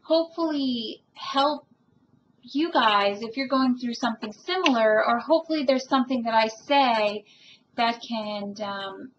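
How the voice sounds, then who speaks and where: A woman's voice: fairly high pitch, a little hiss or hum. A woman vlogging about her spiritual journey in an earnest, rambling way, full of ums and restarts, openly emotional. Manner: emotional, self-described. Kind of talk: reflective personal monologue. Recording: dull lo-fi home recording.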